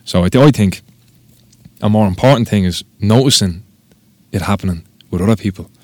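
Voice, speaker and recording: A man's voice: lowish voice, brisk, a little mellow, no echo. A man with an Irish accent, a tattoo artist guest talking casually on a podcast, rambling and swearing with self-mocking humor.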